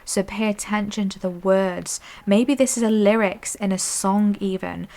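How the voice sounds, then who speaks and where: A woman giving a soft, affirming pick-a-card tarot reading, often checking in with "okay?" and "I'm hearing.". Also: mid-range voice, fairly even intonation, measured pace. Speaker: intuitive tarot reader.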